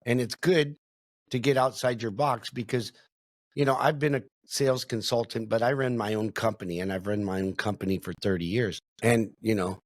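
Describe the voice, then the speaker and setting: A man's voice: fairly low pitch, dry recording, studio quality. Reflective man hosting a podcast. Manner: reflective, with many filler phrases. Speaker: podcast host, sales consultant. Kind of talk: casual podcast interview.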